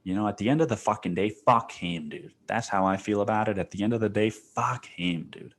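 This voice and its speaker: Young guy with a really deep voice ranting on his podcast, swearing nonstop, says dude a lot, throat's sore from swollen tonsils. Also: a little fast. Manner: profane venting, heavy on "dude". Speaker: podcast host. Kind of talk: solo podcast monologue.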